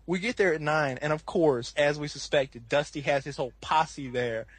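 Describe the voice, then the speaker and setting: Husky man telling a story. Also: normal speed, no echo. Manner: animated, laughs often, acts out quoted people in a higher voice. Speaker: podcast co-host. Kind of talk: casual storytelling.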